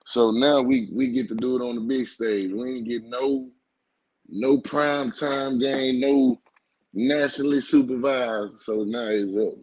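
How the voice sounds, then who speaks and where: A man's voice: medium pitch, darkish tone, husky, dry recording, low-quality recording. A man in casual sports chat, brash and boastful, full of slang and trash talk. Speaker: co-host, football fan.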